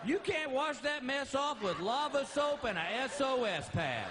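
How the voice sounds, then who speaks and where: Man, stand-up comedian, high lively voice, drawling storyteller, noisy live recording. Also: unhurried. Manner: animated, drawling storyteller acting out characters.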